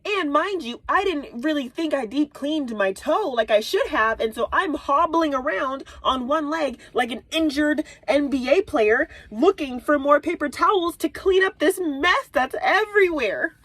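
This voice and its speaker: A woman in her thirties tells a story to camera, bright and high-pitched, with big swoops in her voice and sudden whispered asides. The sound is close and dry, with no room echo, as she hides in a small closet. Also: moderate pace. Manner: animated, exaggerated retelling with whispered asides. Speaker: mom vlogger. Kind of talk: casual storytelling vlog.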